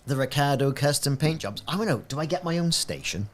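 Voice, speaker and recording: A man's voice: on the high side, lively intonation, a little fast. A man giving chatty, rambling live-stream commentary while playing a game. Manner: chatty, rambling, self-interrupting. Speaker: gaming streamer.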